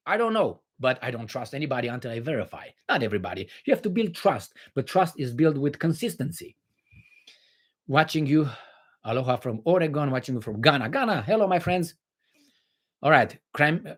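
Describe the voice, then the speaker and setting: A man's voice: medium pitch, big pitch swings, a little fast, a bit bright. A man from Romania with a Romanian accent, hosting a livestream and reacting to viewer chat in a blunt, sarcastic way with some swearing. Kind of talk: casual livestream commentary.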